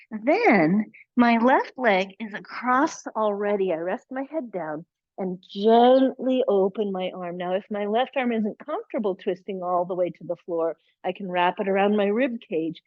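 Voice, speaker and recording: A woman's voice: medium pitch, no echo, dull audio. A woman leading a live yoga class, chatty and encouraging, with playful asides. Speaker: yoga teacher.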